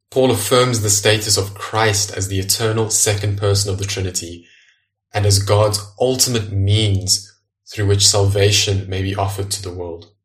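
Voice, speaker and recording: Low-voiced pastor preaching from a distance. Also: male voice. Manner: earnest, measured, emphatic on key phrases. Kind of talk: sermon.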